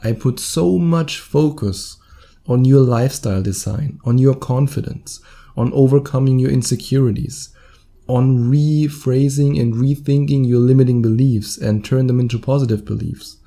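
Dark-voiced German man hosting a podcast. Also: mid-range voice, normal speed, vocal fry. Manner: chatty, laughs at his own slips. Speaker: podcast host. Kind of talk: solo podcast monologue.

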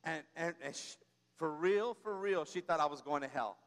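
High-voiced preacher man in a reverberant hall. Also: normal speed, gravelly. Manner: conversational preaching, frequent "come on" and "right?"; tells personal stories with humor. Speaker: pastor. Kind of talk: sermon.

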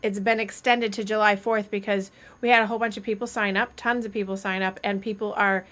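A woman's voice: medium pitch, little pitch movement, brisk, a bit bright. A woman hosting a casual live stream, chatty and rambling, often laughing.

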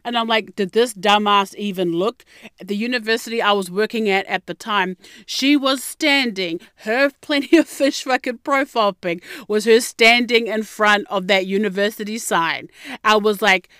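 A woman's voice: medium pitch, moderate pace, a bit bright, clear, resonant tone, no echo, clean studio sound. A young woman telling a personal story in a blunt, sassy way, swearing heavily as she talks straight to her viewers. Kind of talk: candid storytelling monologue.

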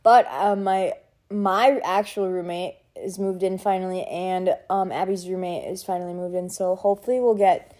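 A woman's voice: fairly low pitch, steady tone, normal speed, mellow. A young woman vlogging in a casual, chatty, sentimental way, full of likes and ums. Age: young adult. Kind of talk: casual chat.

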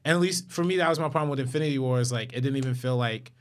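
Young male podcast co-host, casual, slangy and excited. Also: mid-range voice, rapid-fire. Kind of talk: casual chat.

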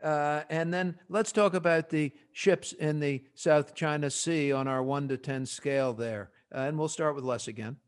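A male podcast host with a New Jersey accent and a fairly high voice. He runs the panel in an animated, jokey way. He fires quick questions at his guests. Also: clean tone. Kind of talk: casual panel discussion.

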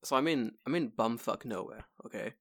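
A man's voice: medium pitch, fairly quick. A young man in casual chat, telling stories with lots of swearing and acting out other people's voices. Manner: animated, profane, acts out voices.

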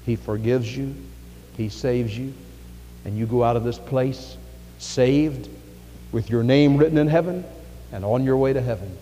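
A man preaching a sermon in a church, emphatic, with dramatic pauses and big swings in volume. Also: medium pitch, warm tone. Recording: echoey hall with faint music.

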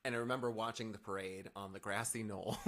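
A middle-aged man co-hosting a casual chat, telling stories in an animated, teasing way. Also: on the low side, normal speed. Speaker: podcast co-host.

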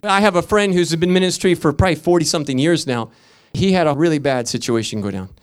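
A man's voice: on the high side, fast talker, smooth. A middle-aged man preaching a fervent sermon as pastor, telling stories between declarations.

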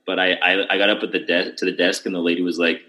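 A man's voice: low voice, level tone, fast talker, bright, forceful tone, low-quality recording. A young man hosting a podcast, telling a long story in casual chat with lots of restarts and fillers. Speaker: podcast host.

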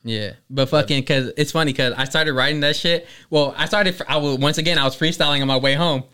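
A man's voice: a little high, a little fast, pushed and bright, smooth. Laid-back young man rapping and joking. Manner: loose, laughing, profane banter. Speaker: podcast host. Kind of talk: casual chat with freestyle rapping.

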